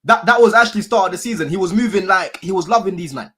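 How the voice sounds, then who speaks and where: A man's voice: high-pitched, fast, bright, forceful tone. A man, casually talking football on a fan podcast, slangy and given to swearing and repeating himself. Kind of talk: casual banter.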